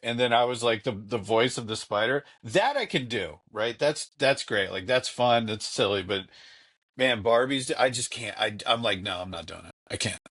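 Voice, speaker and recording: A man's voice: mid-range voice, normal speed, a bit bright. A man telling casual, rambling stories about his young daughter as a podcast guest, speaking from his home basement over a call. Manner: rambling, filler-heavy anecdotes. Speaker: guest, father. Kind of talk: casual storytelling.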